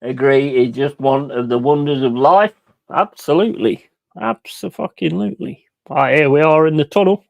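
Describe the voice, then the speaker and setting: A man's voice: a little high, normal speed, creaky, no room sound, dull audio. Sweary man ranting on stream. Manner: sweary, ranting, swings between loud outbursts and mumbling asides. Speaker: streamer hosting a football watch-along. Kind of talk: casual live-stream chat.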